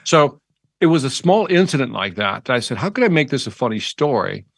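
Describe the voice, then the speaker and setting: A middle-aged sales trainer tells a story in an interview, voicing each character with lively jumps in tone. His voice sits at an ordinary pitch. The sound is dry and close, with no room echo. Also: a little fast, creaky. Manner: animated, acts out the dialogue in his anecdotes. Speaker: sales trainer and motivational speaker.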